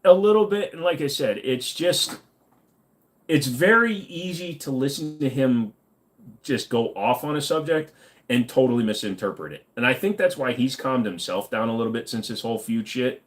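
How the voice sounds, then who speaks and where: A man's voice: mid-range voice, animated, moderate pace. A man hosting a casual livestream, reading chat aloud and answering in a blunt, profane, ranting way.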